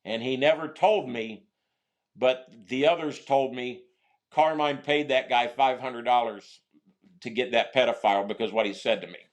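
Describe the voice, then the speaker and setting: A middle-aged man recounting a story in loose, casual conversation. He rambles and restarts often, filling pauses as he goes, in a voice of ordinary pitch. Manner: rambling, halting, many restarts and fillers. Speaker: guest, former prisoner.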